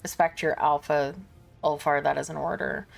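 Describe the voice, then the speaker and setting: A woman's voice: low-pitched, level tone, normal speed, creaky, faint music behind. A woman voicing an arrogant, domineering male wolf pack leader, reading game dialogue in a commanding, condescending tone.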